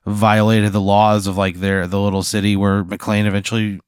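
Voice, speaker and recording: A man's voice: lowish voice, flat delivery, normal speed, smooth, no room sound, studio quality. A man improvising a rambling, absurd story in casual chat, laughing as he goes. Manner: laughs while spinning a rambling absurd tale. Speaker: podcast host.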